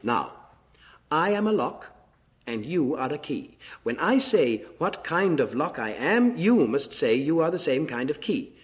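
A man's voice: fairly high pitch, big pitch swings, unhurried. A man presenting for children, singing and reciting nursery rhymes in a playful, coaxing sing-song. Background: music.

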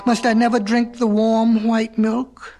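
Man doing a sly storybook tomcat, proud loner, wheedling, gravelly, raised pitch. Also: a little slow, music in the background. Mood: pleading. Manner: cunning, wheedling when it suits him. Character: proud, sly male cat who walks alone. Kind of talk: storybook reading.

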